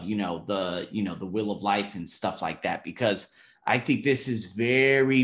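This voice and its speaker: A man in his thirties reviewing his month in a vlog, emphatic and animated, swearing casually and acting out conversations. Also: fairly low pitch, reverberant. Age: 30s. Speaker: vlogger.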